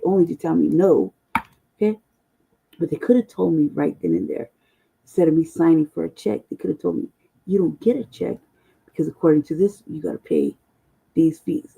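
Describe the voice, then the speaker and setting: A woman's voice: deep voice, vocal fry, warm tone, slightly rough, low-quality recording. A woman host telling a long personal story in casual, profane, rambling talk, often checking in with "right?". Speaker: channel host.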